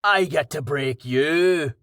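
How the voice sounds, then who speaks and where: Man voicing a gruff crude brawler, slow swagger, storybook. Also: on the high side, a bit bright, dry recording, studio quality.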